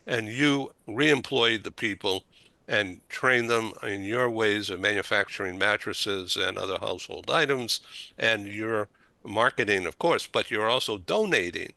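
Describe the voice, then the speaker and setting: A man's voice: on the low side, a little slow, gravelly, bright, forceful tone, no echo. A man hosting a talk show interview, speaking in an effusive, emotional way. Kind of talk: interview conversation.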